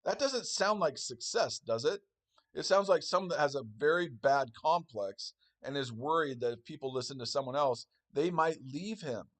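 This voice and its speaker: A man's voice: on the high side, lively intonation, moderate pace. A man co-hosting a live trading stream who rants in a sarcastic, profane way. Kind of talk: casual live-stream talk.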